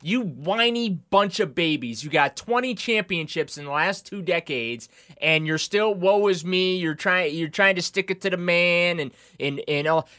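Bright-voiced sarcastic male sports host. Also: a little high, animated, moderate pace, hardly any pauses. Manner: sarcastic, ranting, dry jabs. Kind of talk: casual sports talk banter.

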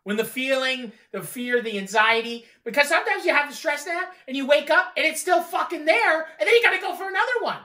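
A woman's voice: high-pitched, expressive, a little fast, few pauses, bright, forceful tone. A woman co-hosting a podcast, trading teasing jokes in casual chat. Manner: teasing, joking banter. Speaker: podcast co-host. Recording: roomy echo.

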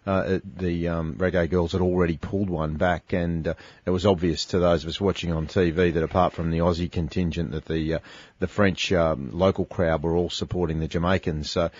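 A man hosting a radio chat, speaking haltingly with many fillers. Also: deep voice, steady tone, a little mellow, no room sound, muffled recording. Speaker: radio host.

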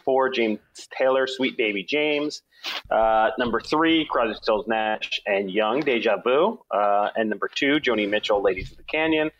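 A man's voice: lowish voice, normal speed, fairly bright tone, a little hiss or hum. Man on a dull lo-fi line. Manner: brief acknowledgments, reads a ranked list. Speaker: podcast host. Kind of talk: casual music chat. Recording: dull lo-fi sound.

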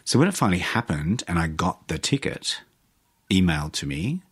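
Deep-voiced man telling stories. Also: moderate pace, husky. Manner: animated, self-mocking, laughing often. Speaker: guest. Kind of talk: interview storytelling.

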